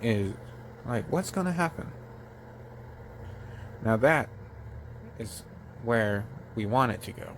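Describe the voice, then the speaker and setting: Slow-talking man reviewing a manga chapter. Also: on the low side, slight background noise. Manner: halting, many fillers and restarts. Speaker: channel host. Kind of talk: casual manga review talk.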